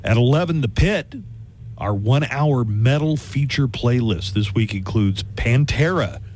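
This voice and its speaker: A man's voice: medium pitch, animated, measured pace, darkish tone, slight background noise. A man hosting a radio show, chatting casually on air with jokey, rambling asides. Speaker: radio host. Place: radio studio. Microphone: studio microphone.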